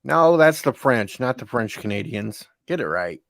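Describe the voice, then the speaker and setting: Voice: mid-range voice, very animated, creaky, no room sound, clean studio sound. A stream co-host teasing the others and telling jokes in casual chat. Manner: teasing, quick joke-telling.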